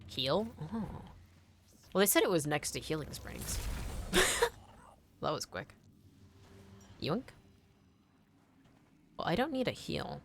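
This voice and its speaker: Low, gravelly-voiced woman streamer. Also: very animated, takes it slowly, pauses often, slight background noise. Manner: chatty, thinks aloud and answers chat. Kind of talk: casual gameplay commentary.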